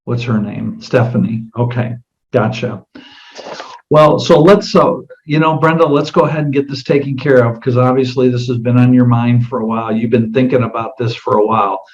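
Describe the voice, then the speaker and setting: Middle-aged male insurance trainer, mid-pitched, chatty and question-driven, dull lo-fi sound. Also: normal speed. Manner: conversational, asks many direct questions. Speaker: insurance agent and sales trainer. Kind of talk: demonstrating a client sales meeting.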